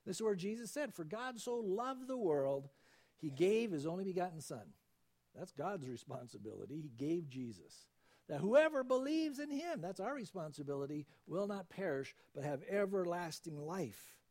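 A man preaching a sermon, quoting scripture and slowing down to stress key points. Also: high voice. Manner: animated preaching, quoting scripture, slows for emphasis. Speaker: pastor.

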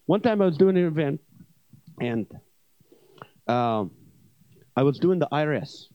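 A male evangelist preaching a comic sermon to a church crowd, telling stories with animated, joking delivery. His voice sits slightly high. The recording sounds dull and very dry. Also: measured pace, dry recording. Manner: animated, joking, swings between loud punchlines and quiet asides. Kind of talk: comedic sermon storytelling. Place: church service.

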